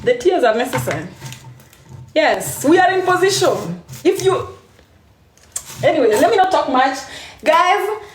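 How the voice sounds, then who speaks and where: A woman's voice: high-pitched, sing-song, a little slow, pauses often, reverberant. A woman with a Kenyan accent talking casually on a live stream, laughing often and repeating phrases for emphasis.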